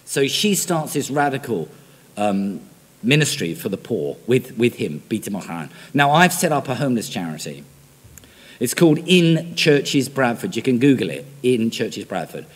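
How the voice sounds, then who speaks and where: A man's voice: mid-range voice, big pitch swings, normal speed, husky. A man preaching a sermon, talking conversationally and putting direct questions to his congregation. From Britain. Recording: reverberant hall.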